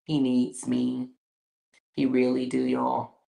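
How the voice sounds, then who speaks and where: Very deep-voiced sassy woman. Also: completely flat delivery, takes it slowly, gravelly, mellow. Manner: sassy, blunt and profane, laughs often. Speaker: livestream commentary host. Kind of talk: casual livestream chat reading comments.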